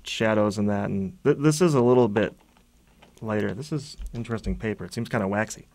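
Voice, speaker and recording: Male cartoonist guest, low voice; relaxed, mumbles while working. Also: fairly quick. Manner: laid-back, mumbling while drawing. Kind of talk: casual chat.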